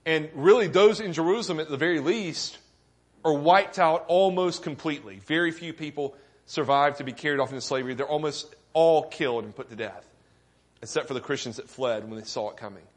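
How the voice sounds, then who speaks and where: Male pastor, slightly high voice, earnest sermon delivery, asks the congregation questions and builds emphasis. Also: brisk.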